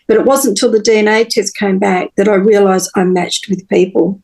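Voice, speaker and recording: A woman, a podcast guest telling her personal story in an earnest, halting way with many pauses and restarts. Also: mid-range voice, steady tone, creaky, a little mellow, rough recording.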